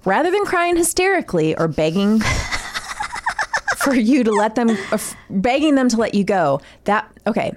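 A woman on a casual comedy podcast with a somewhat high voice that swings widely in pitch. She reads passages from a guide and riffs on them with amused asides. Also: huge pitch swings, measured pace, a little hiss or hum. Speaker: podcast co-host.

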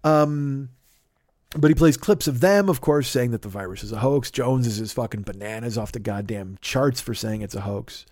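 In casual podcast chat, a male host gives a sponsor plug that rambles, swears, and keeps stopping and restarting. His voice is mid-range and darkish at a moderate pace, with studio-quality sound and no room sound.

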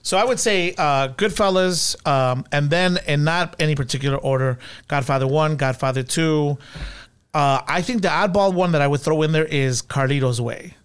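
A man's voice: on the high side, smooth. A man on a film talk show, telling personal stories with enthusiasm. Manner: enthusiastic storyteller, quick restarts. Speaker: guest film commentator. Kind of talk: casual chat about films.

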